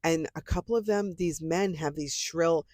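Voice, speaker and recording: A woman's voice: deep voice, moderate pace, a little mellow, dry recording. Chatty woman venting on a podcast. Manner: chatty, swears freely, ranting about pet peeves. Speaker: podcast co-host. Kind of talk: casual chat.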